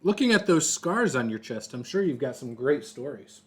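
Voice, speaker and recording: A man's voice: mid-range voice, big pitch swings, moderate pace. A man playing a tabletop role-playing game, asking wry, probing questions in character. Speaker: player.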